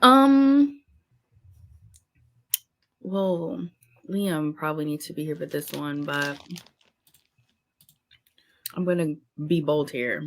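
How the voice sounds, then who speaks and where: Chatty woman, lowish voice. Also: lively intonation, slow, pauses often, a little hiss or hum. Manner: chatty, laughs often, acts out quotes. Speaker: podcast guest. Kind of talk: casual chat.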